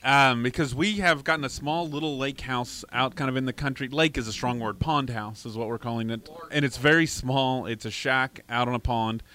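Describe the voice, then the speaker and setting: Bright-voiced chatty man. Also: medium pitch, normal speed, hardly any pauses. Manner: chatty, laughs often, rambling storyteller. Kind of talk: casual chat.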